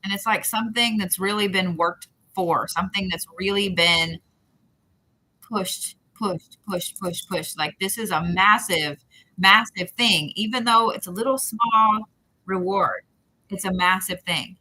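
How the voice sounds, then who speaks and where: Bright-voiced woman giving chatty readings. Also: mid-range voice, normal speed, low-quality recording. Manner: rambling, repetitive, chatty. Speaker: psychic reader. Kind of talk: live-stream intuitive readings.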